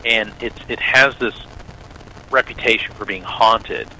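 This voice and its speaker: A man as a radio interview guest, an animated storyteller who acts out the voices of the people in his story. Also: on the low side, measured pace, a little hiss or hum, poor audio. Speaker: guest, psychic medium and lawyer.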